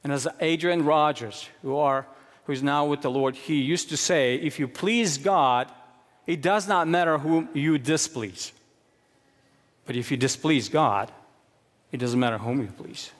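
A man preaching a sermon in earnest, moving between hushed low stretches and raised, emphatic questions. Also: measured pace. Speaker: pastor. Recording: long hall reverb.

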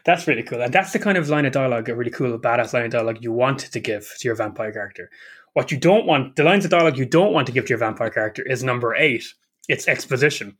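Brief: Irish male podcast host, husky voice, jokey and profane, casual. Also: medium pitch, lively intonation, fast, fairly bright tone. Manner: joking, profane, laughs often. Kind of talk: casual chat.

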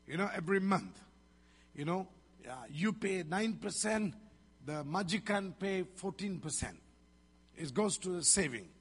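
Malaysian male pastor, 50s, husky higher voice, emphatic call-and-response sermon, reverberant hall. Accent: Malaysian English.

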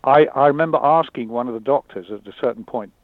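A man talking candidly and thoughtfully, often pausing and repeating words as he searches for them. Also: mid-range voice, no echo. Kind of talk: candid conversation. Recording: dry tinny phone-like line.

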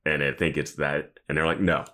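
A man's voice: very deep voice, little pitch movement, fairly quick, bright, forceful tone. A man co-hosting a podcast, casually recapping a TV episode with sarcastic asides and frequent laughter. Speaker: podcast co-host.

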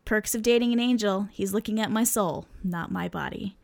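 A woman's voice: mid-range voice, moderate pace, gravelly, a little mellow, close to an everyday voice. A woman reading aloud the lines of a brash, cocky young man who talks in a flippant, teasing way.

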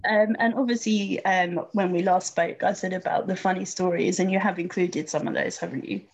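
A woman's voice: on the low side, fairly even intonation, fairly quick, dull audio, a little hiss or hum. A woman interviewing an author, asking friendly, prompting questions. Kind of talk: casual interview.

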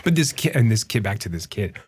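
A man's voice: lowish voice, very animated, fairly quick, a little mellow, breathy edge. A man co-hosting a podcast, eagerly retelling film scenes and often checking in with "right?". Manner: enthusiastic, retells scenes with acted quotes, keeps saying right. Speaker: podcast co-host. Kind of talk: casual film discussion.

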